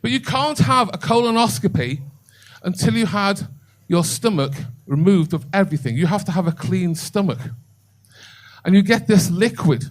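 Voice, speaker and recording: A man's voice: high voice, expressive, normal speed. An older man doing a bawdy stand-up comedy set in a comedy club, telling a story and chatting with the crowd.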